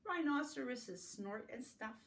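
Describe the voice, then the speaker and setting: A woman's voice: a little high, animated. Woman reading picture books, sing-song. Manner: slow, sing-song storytime reading with animal sounds. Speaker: family literacy facilitator. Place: home, recorded for an online circle.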